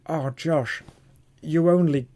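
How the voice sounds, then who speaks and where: A man's voice: fairly high pitch, slow, warm tone. A man putting on a dopey, droning commenter voice. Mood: mocking. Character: generic commenter talking to the streamer, male.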